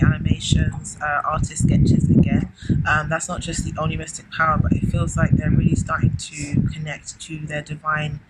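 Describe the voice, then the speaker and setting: An effusive woman talks through a casual spiritual reading, exclaiming often and filling her pauses with chatty asides. Heavy background noise and clicking sit under her voice. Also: low-pitched. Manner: effusive, keeps exclaiming wow, chatty with many fillers. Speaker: tarot reader.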